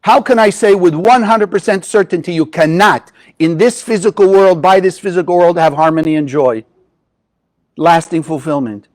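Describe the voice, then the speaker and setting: A man teaching Kabbalah in a spiritual lecture, animated and asking the audience rhetorical questions. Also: high voice, moderate pace, low-quality recording.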